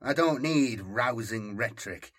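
A man voicing Sirian, a sardonic male veteran soldier who speaks in a wry, measured way in an audiobook reading. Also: mid-range voice, expressive, a bit bright.

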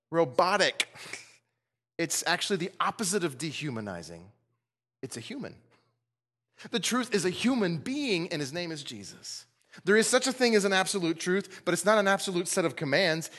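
A man preaching a sermon, animated and joking, often laughing as he talks. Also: a little high, long reverb tail. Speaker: pastor.

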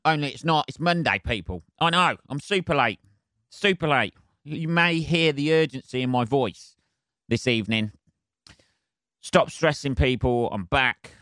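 A man's voice: lowish voice, fairly bright tone, clear, resonant tone, no echo, studio quality. A man, a stand-up comedian, hosting his own podcast in rambling, self-deprecating chat full of swearing and apologies. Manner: rambling with many fillers and jumpy emphasis. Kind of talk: casual solo podcast chat.

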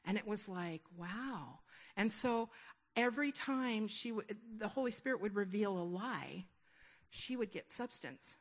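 A woman sharing a personal testimony at a church gathering, telling it in a rambling, animated way and acting out the dialogue she heard inside her. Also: mid-range voice, a little slow. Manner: rambling, animated storytelling with quoted inner dialogue. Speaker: church member giving a testimony.

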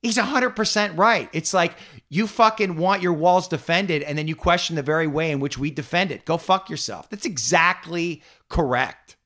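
Angry, profane man, bright voice. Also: on the high side, normal speed, few pauses. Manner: angry, swears constantly, repeats himself. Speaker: podcast host. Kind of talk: heated conversational rant.

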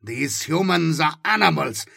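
A man voicing a desperate male alien battlesuit pilot in an audiobook, shouting commands. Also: fairly high pitch, expressive, a little slow, vocal fry, breathy edge, no room sound, clean studio sound, heavily acted. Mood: fierce.

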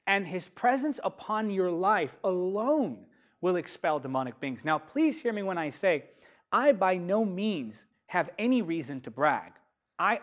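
A preacher delivering a sermon with emphatic, repeated phrases, slowing down sharply to stress key lines. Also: medium pitch.

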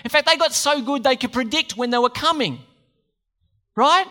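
A man's voice: extremely high pitch, sing-song, normal speed, bright, forceful tone. A man preaching a sermon, conversational, with joking asides to the congregation.

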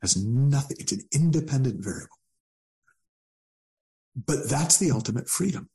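A man speaking as a guest coach in an interview, calm and thoughtful with a gently wry turn. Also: mid-range voice, normal speed. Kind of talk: reflective interview talk.

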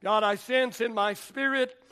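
A male pastor preaching a sermon in a church, reading scripture and praying in a deliberate, emphatic way that swells at times into shouts. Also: very high-pitched, fairly even intonation, clean tone. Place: church sanctuary.

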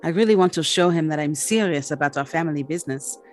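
A tabletop player voicing a charming young alien woman who flatters and schemes, over faint music. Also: mid-range voice, quick pace, natural voice. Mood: sweetly scheming. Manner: sweet, flattering, performatively cute.

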